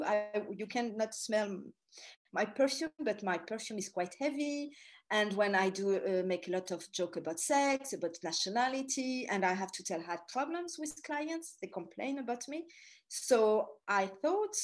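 A woman's voice: mid-range voice, animated, moderate pace. A middle-aged woman with a French accent, giving an anecdotal talk with chatty asides as a speaker and tour guide. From France. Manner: chatty, storytelling with asides and fillers.

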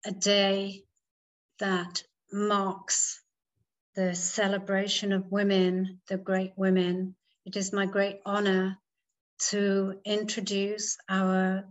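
Slow, even-voiced woman host. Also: medium pitch, muffled recording. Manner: formal, measured. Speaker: host introducing the speaker. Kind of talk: read-out introduction.

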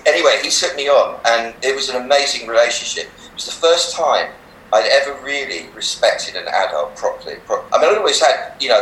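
An older man, a healer and meditation teacher, telling animated stories in an interview and laughing often. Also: medium pitch. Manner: animated anecdotes, laughs often, acts out voices in quotes. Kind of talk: storytelling in a relaxed interview. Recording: roomy, slightly distant mic with faint background noise.

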